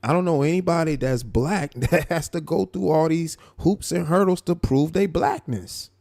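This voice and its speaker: A man hosting a live stream, commenting on a clip in a mocking, animated way. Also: a little high, gravelly, dry recording, studio quality. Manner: mocking, animated, drawn-out asides. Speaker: live show host.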